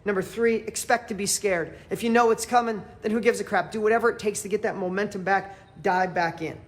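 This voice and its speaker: A man coaching a live audience in a motivational training, emphatic and fervent, repeating phrases for emphasis and swinging between loud and quiet. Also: high-pitched, steady tone, fairly quick. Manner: fervent, emphatic, pep-talk delivery.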